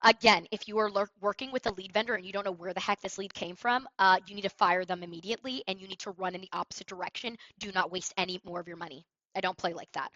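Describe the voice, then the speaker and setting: A woman sales coach giving an energetic, emphatic training talk on sales calls, with role-play, on a headset. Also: medium pitch, fast, dry recording, lo-fi sound.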